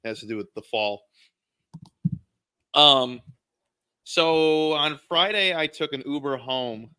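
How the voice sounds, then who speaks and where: Excitable male podcast co-host, high and bright, laughs a lot while storytelling. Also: slow pace, clear, resonant tone. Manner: laughs through his stories, excitable. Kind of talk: casual storytelling chat.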